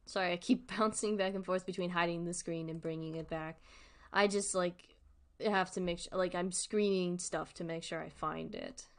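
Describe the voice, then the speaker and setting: A woman's voice: fairly low pitch, fairly even intonation, moderate pace. A woman streaming casual commentary, giggly and rambling, often correcting herself. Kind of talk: casual commentary on a web series.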